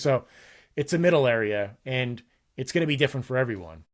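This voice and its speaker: This man in his thirties is a guest on a casual podcast, speaking candidly and earnestly about parenting. His mid-range voice is expressive and a little fast, and his talk rambles loosely with frequent restarts.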